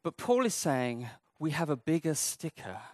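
A man's voice: fairly high pitch, very animated, normal speed, dry recording. A man preaching a sermon in a humorous, conversational way, acting out little quoted scenes.

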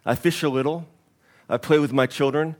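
A preacher puts on a laid-back fisherman who sees no reason to hurry. He talks at an unhurried pace, a little lower and softer than the narration around him, as a plain storytelling voice. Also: natural voice. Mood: content.

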